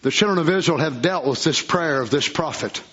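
A man preaching a fiery sermon at a church service. He shouts fervently, then drops into hushed asides. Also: fairly high pitch, animated, a little fast, breathy edge. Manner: shouting, fervent, swings between loud cries and hushed asides. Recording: muffled lo-fi recording.

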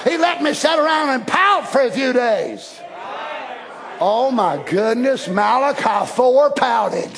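Preacher, man, very high-pitched, animated, shouting bursts, folksy asides. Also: takes it slowly, some chatter behind. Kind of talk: Pentecostal-style sermon.

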